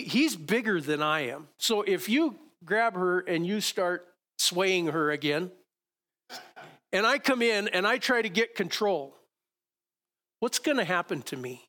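Guy preaching in church, kinda high voice, talks casual, lots of restarts, bossing volunteers around up front. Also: pushed and bright. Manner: conversational, halting restarts, coaches volunteers on stage. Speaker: pastor. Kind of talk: sermon with live stage demonstration. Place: church stage before a congregation.

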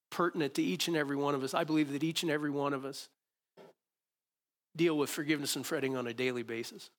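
A middle-aged male pastor preaching a sermon, acting out his prayers and his dialogue with God in lively, animated bursts. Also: on the high side.

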